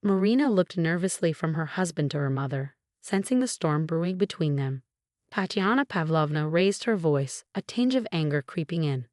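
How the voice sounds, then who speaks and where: Female narrator, low voice, dry close mic, steady scripted read. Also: normal speed, no room sound.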